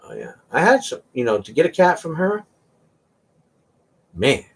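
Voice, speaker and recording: A man's voice: a little high, wildly swooping pitch, a little slow, vocal fry, slightly rough. A man hosting a casual chat, rambling through stories about his cats and sometimes mimicking their meows. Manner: rambling storyteller, imitates cats meowing. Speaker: host.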